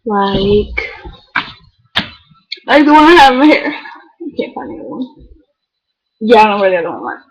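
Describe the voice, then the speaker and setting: A woman's voice: mid-range voice, big pitch swings, moderate pace, long pauses, low-quality recording. A teenage girl chatting casually to the camera, rambling and filling her talk with "like". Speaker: beauty vlogger. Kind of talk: casual chat.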